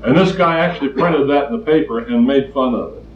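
A man's voice: mid-range voice, brisk. An older man preaching a plainspoken sermon, telling stories and hammering points with repetition. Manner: plainspoken, storytelling, emphatic repetition. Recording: distant roomy lo-fi recording.

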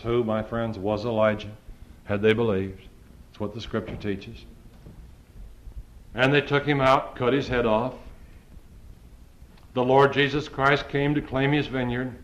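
Guy preaching a fiery sermon, goes quiet then builds way up loud. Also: mid-range voice, rough recording. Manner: swings from hushed to loud, rising pleas. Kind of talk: impassioned sermon.

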